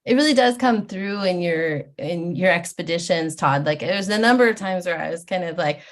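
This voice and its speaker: A woman's voice: lowish voice, moderate pace. A woman speaking enthusiastically and admiringly in a casual interview, often restarting her sentences. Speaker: interview guest.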